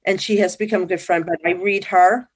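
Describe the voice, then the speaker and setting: A woman from New Jersey, a psychic guest in an interview, telling stories in a lively, chatty way and acting out what people said. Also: medium pitch, fairly quick, breathy edge. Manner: animated, acts out quoted dialogue. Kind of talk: casual interview storytelling.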